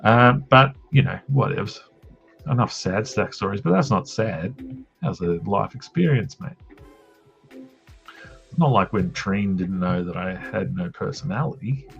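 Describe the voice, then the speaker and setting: An Australian man chats casually on a live drawing stream, spinning rambling, self-deprecating stories. His voice sits low with a gravelly edge. The audio is dull and lo-fi, with faint music underneath. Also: animated, measured pace, a bit bright. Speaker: streamer host drawing comics.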